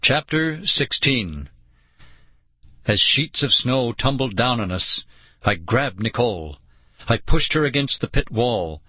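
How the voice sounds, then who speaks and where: Slow, bright-voiced male audiobook narrator. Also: mid-range voice, expressive, breathy edge, no echo. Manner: slow, dramatic storytelling.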